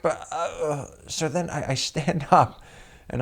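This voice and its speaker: A man's voice: mid-range voice, lively intonation, takes it slowly, long pauses. A man who works as a sketch comedian, telling a story about himself in a self-deprecating way and chuckling as he goes. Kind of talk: comic storytelling.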